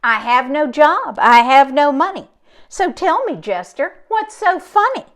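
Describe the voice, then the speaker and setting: A woman's voice: sits high, very animated, measured pace, fairly bright tone, exaggerated voice. A woman reading the part of a broke, unemployed man in a storybook, sounding bitter and complaining.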